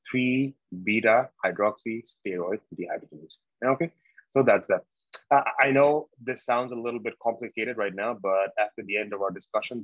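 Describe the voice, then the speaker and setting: A man giving a medical exam prep lecture, slow and repetitive, quizzing his students as he goes. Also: lowish voice, no echo. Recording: dull, dry lo-fi lecture recording.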